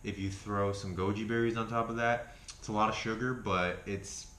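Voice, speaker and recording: Casual male vlogger, Argentine accent, very low voice, loose and profane, echoey room with faint hiss. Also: steady tone, moderate pace, fairly bright tone. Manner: rambling, swears freely, self-correcting. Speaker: health food vlogger. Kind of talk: casual chat review.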